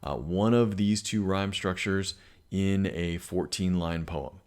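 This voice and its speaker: A man's voice: sits low, takes it slowly, a little mellow. A male English teacher giving a recorded lesson, explaining patiently and reading poems aloud, with frequent fillers.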